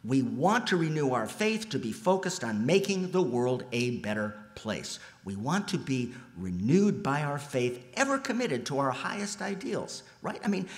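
A man delivering a sermon in a church, alternating between loud, emphatic lines and soft, almost whispered ones. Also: medium pitch, big pitch swings, a little slow, hardly any pauses. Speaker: lay preacher. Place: church sanctuary. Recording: long hall reverb.

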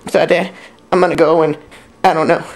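An awkward, stammering teenage boy, as a woman acts him out in a homemade comedy sketch. The voice sits a bit low and keeps tripping over repeated words and half-started sentences. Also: fairly even intonation. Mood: sheepish. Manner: stammering, halting.

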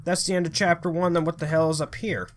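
A man's voice: fairly high pitch, level tone, fast talker, a little hiss or hum. A man commentating his horror game playthrough in a confused, rambling way with frequent swearing. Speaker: let's play gamer.

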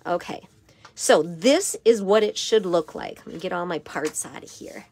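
A hoarse woman with a raspy voice giving a step-by-step papercraft tutorial in her craft studio. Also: on the low side, normal speed, darkish tone, a little hiss or hum. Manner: step-by-step instruction with frequent okays. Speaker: papercraft demonstrator.

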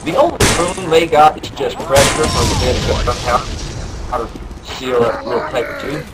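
A man voicing a rambling young Southern good-ol'-boy who drawls through a story and bursts into yelled quotes, over game voice chat. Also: medium pitch, expressive, moderate pace, over loud music, natural voice, rough recording. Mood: tall tale.

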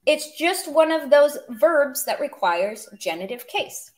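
A woman's voice: high-pitched, very animated, slow pace. A woman explaining grammar in a casual online lesson, chatty and joking as she goes. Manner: chatty, explains with humor and asides. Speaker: language teacher.

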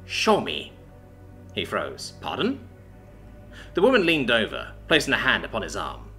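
Bright, expressive male story narrator. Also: lowish voice, fairly quick. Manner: expressive, dramatic reading. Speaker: audiobook narrator. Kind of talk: scripted fantasy story narration. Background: faint background music.

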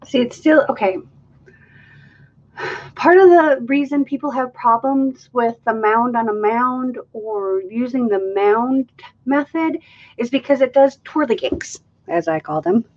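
Speaking at a measured pace, the acrylic pouring artist has a highish, darkish-toned voice as she hosts her live demo. She chats and thinks aloud while mixing and counting, and the audio is dull.

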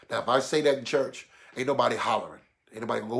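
A man preaching a sermon, animated and colloquial, acting out voices to make his points. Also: medium pitch, very fast, gravelly, few pauses. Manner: animated, mimics voices, laughs.

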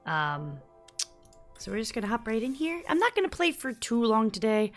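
A woman's voice: on the high side, big pitch swings, moderate pace, faint music behind. A woman casually commenting while playing a video game, giggly and chatty, often confused. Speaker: gaming YouTuber. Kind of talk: casual let's play commentary.

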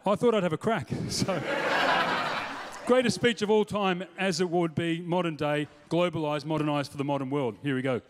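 High-pitched stand-up comic. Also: male voice, moderate pace. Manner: punchy, playful, slips into mock voices and accents. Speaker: stand-up comedian. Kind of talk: stand-up comedy routine. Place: stage before a live audience. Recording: noisy hall with long reverb.

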